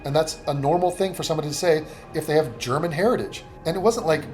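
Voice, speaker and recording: A man making heated reaction commentary, sarcastic and profane, with rapid-fire rhetorical questions. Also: on the high side, a little mellow, soft background music. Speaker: commentary YouTuber.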